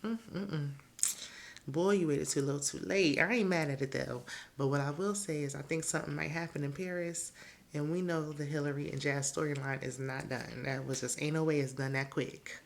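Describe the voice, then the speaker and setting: A woman's voice: low voice, moderate pace, a little hiss or hum. A woman hosting a casual TV episode recap, chatty and opinionated, with laughing asides. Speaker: TV recap host.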